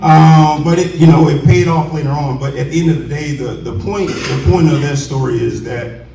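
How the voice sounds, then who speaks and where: A man in his forties from Texas giving a heartfelt, halting acceptance speech at a ceremony, choked up with emotion and often restarting his sentences. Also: on the high side, creaky. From Commerce, Texas. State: emotional, voice choking up. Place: school cafeteria at a ceremony. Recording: roomy, distant, faint background hiss.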